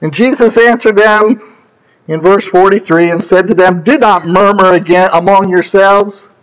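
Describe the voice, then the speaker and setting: A high-voiced man delivers a sermon. He leans hard on single words and sweeps from loud, high lines down to hushed low ones, stopping now and then to fix a verse number. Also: steady tone, moderate pace, poor audio. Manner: emphatic, swooping between high and low; scripture quotes and self-corrections. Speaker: preacher.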